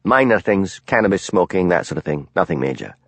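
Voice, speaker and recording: A man's voice: sits low, sing-song, a little fast, creaky, dry recording, full character voice. A man doing a frank, gossipy police colleague. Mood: matter-of-fact.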